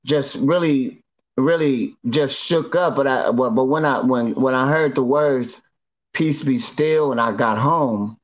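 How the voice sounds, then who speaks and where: A man's voice: mid-range voice, unhurried. Man telling his story, lo-fi sound. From Northern California. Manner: repetitive, slangy storyteller who restarts often. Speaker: guest giving a testimony. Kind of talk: emotional first-person storytelling.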